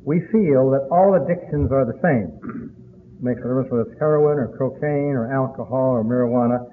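An older man speaks at a meeting in a folksy, unhurried way, now and then clearing his throat. His voice sits at an ordinary pitch for a man. The recording is thin and tinny, like a phone line, with a faint hiss underneath. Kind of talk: storytelling talk to an audience.

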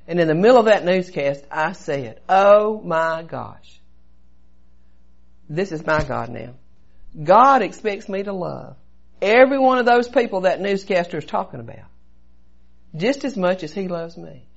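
A woman's voice: lowish voice, gravelly, husky. A woman giving an earnest personal testimony at a recovery meeting, telling her story with lots of repetition. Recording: dull lo-fi recording.

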